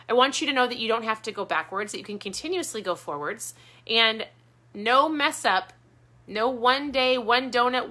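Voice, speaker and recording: A woman's voice: a little high, sharp tone. A woman vlogger giving viewers an earnest, encouraging motivational talk, repeating her key points. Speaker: keto vlogger.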